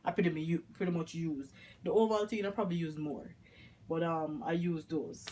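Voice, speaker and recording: A woman's voice: sits low, fairly even intonation, normal speed, mellow, slight background noise. Chatty Jamaican woman vlogging. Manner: chatty, rambling, mixes in patois. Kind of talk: casual chat to camera.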